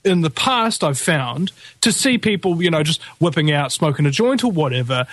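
Rambling talk radio host, a higher-voiced man. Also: fairly bright tone, no echo. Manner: rambling, opinionated ranting. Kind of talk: live talk radio chat.

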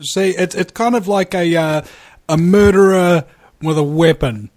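A man hosting a casual conversation, rambling and joking, with quick puns. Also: high-pitched, darkish tone, dry recording, studio quality. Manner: jokey, rambling, puts on funny voices. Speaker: host.

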